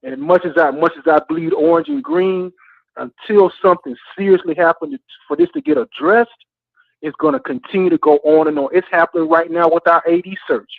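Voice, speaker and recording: Over a tinny phone line, this Florida A&M alumnus calls a talk show, his slightly high, creaky voice very animated and a little fast, with no echo. Frustrated and passionate, he rants heatedly and keeps repeating "man."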